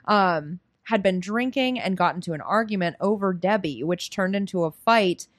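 A woman's voice: mid-range voice, normal speed, no room sound. Chatty woman, dry close sound. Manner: chatty, reads excerpts aloud with fillers. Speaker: podcast co-host. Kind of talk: casual chat.

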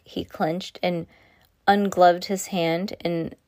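A woman's voice: on the low side, steady tone, moderate pace, no echo, studio quality. A woman reading a novel aloud, stumbling now and then and restarting her sentences. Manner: unpolished reading with frequent slips and restarts. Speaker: reader.

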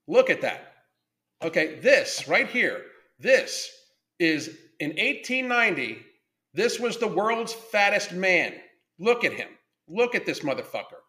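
A man with a slightly high voice hosts a livestream, talking in a loud, blunt rant. He swears in nearly every sentence and stays excitable throughout, breaking off now and then to read viewer comments aloud. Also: a little slow. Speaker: livestream podcast host. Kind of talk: profane ranting livestream monologue.

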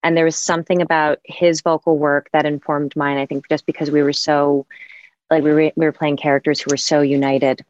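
A woman's voice: deep voice, flat delivery, a little fast, a little mellow, dry recording. An actress speaking in a reflective roundtable conversation, searching for her words with frequent restarts. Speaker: actress guest. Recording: dull, dry sound.

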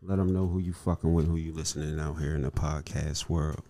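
A man's voice: extremely low pitch, steady tone, fairly quick, mellow. A man hosting a casual podcast, talking loose and slangy, swearing and laughing easily. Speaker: podcast host.

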